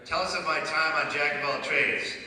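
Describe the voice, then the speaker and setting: A man's voice: a little high, steady tone, normal speed. A man answering audience questions on a convention stage in a sarcastic, teasing stand-up manner. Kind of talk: comic Q&A stand-up. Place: stage in a large convention hall. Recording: echoey hall, distant mic, loud crowd ambience.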